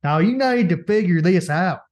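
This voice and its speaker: Higher-voiced joking podcast guy. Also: expressive, normal speed, darkish tone. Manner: profane, jokey, laughs often. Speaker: podcast co-host. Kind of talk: crude casual banter.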